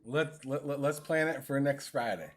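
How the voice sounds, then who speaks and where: A man co-hosting a casual gaming podcast, teasing his friend with halting restarts and frequent laughs. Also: medium pitch, a little hiss or hum. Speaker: podcast co-host. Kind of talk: casual trash talk with a friend.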